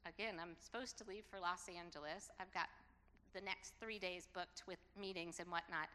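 A middle-aged woman telling a personal story in a sermon, acting out the dialogue with lively emphasis. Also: medium pitch. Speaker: preacher. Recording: long hall reverb.

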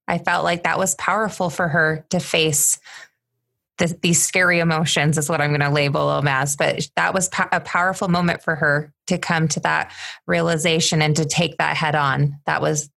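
Woman podcast host, deep voice with gravel, warm and appreciative. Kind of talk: casual interview chat.

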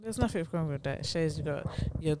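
A woman's voice: low-pitched, fairly quick, mellow, a little hiss or hum. A woman, co-hosting a podcast in casual chat and laughing between her remarks. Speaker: podcast co-host.

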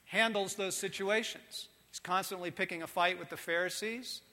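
A man preaches with a high, bright voice that leaps from loud bursts to hushed, tender lines. His sermon rings through a large hall with a long reverb tail. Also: normal speed. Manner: animated, swinging from loud to soft and intimate.

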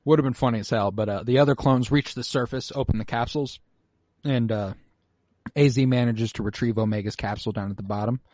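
A man recapping a show episode in casual chat, animated and swearing freely as he acts out his reactions. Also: mid-range voice, a little fast, no room sound. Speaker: podcast host recapping an episode.

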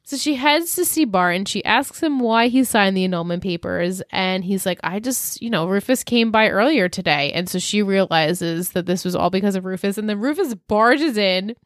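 Animated woman recapping a show. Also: medium pitch, no room sound, studio quality. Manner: animated, acts out quotes in quick bursts. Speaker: podcast co-host recapping a TV episode. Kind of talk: casual chat.

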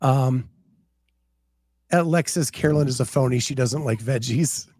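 A man's voice: medium pitch, unhurried, darkish tone. A man co-hosting a casual podcast, chatting in a laid-back way and reading out viewer comments. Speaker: podcast co-host. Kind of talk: casual chat.

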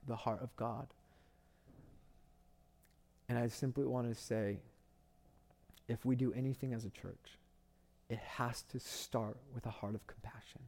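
A man preaches a sermon in a warm, dark-toned voice. He tells a story with passion and leans on repeated phrases to drive his points home. His pitch stays in an ordinary middle range. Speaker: pastor.

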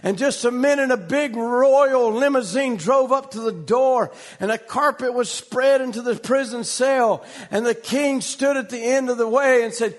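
A man's voice: very high-pitched, unhurried. A man preaching a sermon, telling a story with a rhythmic cadence and repeated, restarted phrases.

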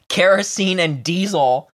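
A man co-hosting a casual comedic political podcast, joking loudly and slipping into silly put-on voices. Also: high-pitched. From Canada. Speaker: podcast co-host.

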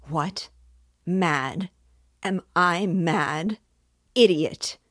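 A woman voicing a frantic, defiant mother in a storybook reading, with shrill outraged outbursts. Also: extremely slow, fairly bright tone, no room sound, clean studio sound, full character voice. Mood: shrieking.

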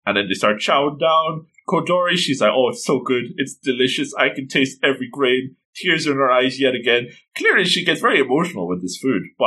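A man casually reading through a manga chapter, gushing over it and doing quick voices for the characters. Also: mid-range voice, bright, forceful tone. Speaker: manga reader and reviewer. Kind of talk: casual read-through commentary.

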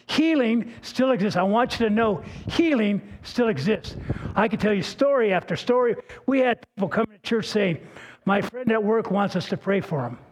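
A man's voice: high-pitched, animated, normal speed. An older man preaching a sermon as pastor, telling stories in a folksy, earnest way, often restarting his words. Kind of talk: sermon with personal storytelling.

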